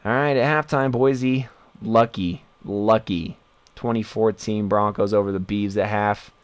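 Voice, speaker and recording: A young man casually commentating his own football video game match, excitable and jumping to high yelps at big plays. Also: moderate pace, clean tone, no echo.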